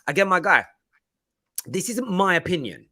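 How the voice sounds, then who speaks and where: A man hosting a football podcast in an animated, casual chat. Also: high-pitched, normal speed. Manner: animated, laughing, chatty.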